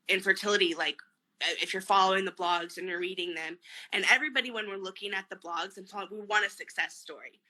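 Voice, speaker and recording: A woman guest on a video call, talking openly and close to tears, with many pauses and fillers. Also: lowish voice, pushed and bright, poor audio. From family from Mexico. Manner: tearful, candid, trailing off with many fillers. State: close to crying. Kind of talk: emotional personal interview.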